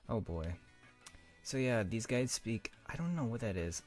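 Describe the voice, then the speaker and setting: A man's voice: mid-range voice, a little mellow. A young man hosting a let's play, chatting casually and rambling with lots of fillers and self-mocking asides. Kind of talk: casual gameplay commentary.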